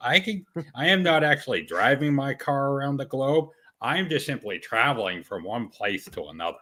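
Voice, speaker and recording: A man doing a pedantic flat-earther. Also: mid-range voice, moderate pace, pitched above the performer's own voice. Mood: smug. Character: rambling flat-earther man lecturing a cop.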